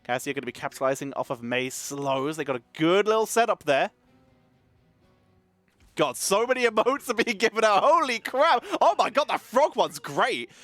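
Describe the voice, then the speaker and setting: A man casting a live esports match, energetic and chatty, wired on caffeine and thanking subscribers between calls of the play. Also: high-pitched, normal speed, dry recording, faint music behind. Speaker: esports caster.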